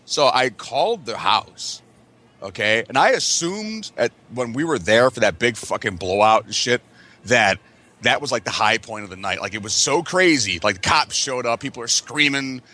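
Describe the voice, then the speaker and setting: A man with a bright, forceful voice tells rowdy party stories to his friends. He swears constantly and laughs through his own tales. His energy keeps climbing as each story gets wilder. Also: medium pitch, normal speed. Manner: profane, laughing, excitable storytelling. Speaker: podcast regular. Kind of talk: casual storytelling among friends.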